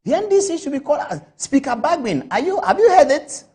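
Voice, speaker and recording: A woman on a television panel, her mellow voice swinging widely in pitch. She piles up rhetorical questions and repeats herself as she scolds. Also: very animated, quick pace. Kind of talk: impassioned political commentary on TV. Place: TV studio.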